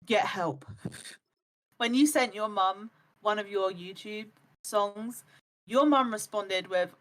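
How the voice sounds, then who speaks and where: A woman's voice: medium pitch, slow, a bit bright, slight background noise. A woman streaming live, lecturing bluntly and swearing freely, and mimicking other people's words as she goes. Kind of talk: heated live-stream chat.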